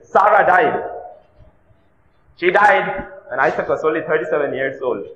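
A man's voice: high voice, lively intonation, measured pace, a bit bright, a little hiss or hum. A male pastor preaching a sermon in a church hall, emphatic, with rhetorical questions and repeated phrases. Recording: echoey church hall recording.

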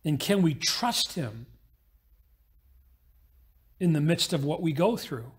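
Man, pastor, sermon, high-pitched, husky, storytelling. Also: big pitch swings. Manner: storytelling with quick acted-out voices in the parable.

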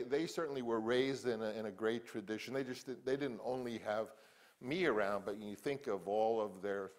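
Halting speech marked by restarts and repeated words characterizes this older film director as he answers interview questions and reminisces. He speaks at a medium pitch.

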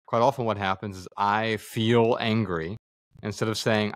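In a dry, clean studio recording, a man with a fairly low, steady voice joins a podcast as a guest for a reflective conversation. At a moderate pace he illustrates his ideas with examples and sometimes restarts a word.

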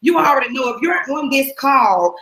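A woman speaking as a panelist on a conference call, excited and upbeat. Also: high-pitched, moderate pace, raised voice. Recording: echoey line.

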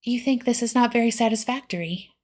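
Whispered role-play, woman doing a earnest young lady, hushed breathy. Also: on the high side, brisk, voice pushed up, natural voice. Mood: confiding. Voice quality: soft, breathy.

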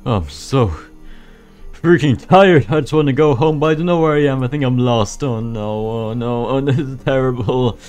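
A man's voice: medium pitch, moderate pace, darkish tone, clear, resonant tone, faint music behind, lightly acted. A man voicing a goofy, whiny animatronic bear who stammers as he talks in a game machinima. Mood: distressed.

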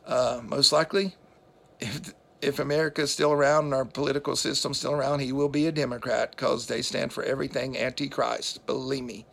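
Gravelly-voiced man on a rambling rant. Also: medium pitch, steady tone, a little fast. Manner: opinionated, preachy, sidetracked with fillers. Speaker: political vlogger. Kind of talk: rambling political monologue.

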